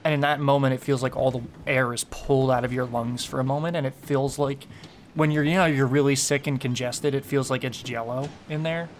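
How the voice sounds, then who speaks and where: Relaxed male game master narrating. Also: mid-range voice, fairly quick, a little hiss or hum. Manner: descriptive, relaxed, many fillers.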